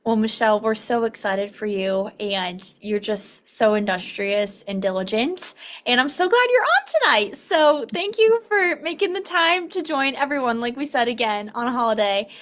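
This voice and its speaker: Woman host, slightly high voice, encouraging, laughs easily, video-call audio. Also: animated, normal speed, few pauses, fairly bright tone.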